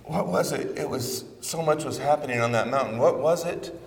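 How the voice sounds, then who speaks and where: A man preaching a sermon in the form of a conversational prayer, measured, with dramatic pauses. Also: medium pitch, creaky. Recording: roomy reverberant hall, voice from a distance.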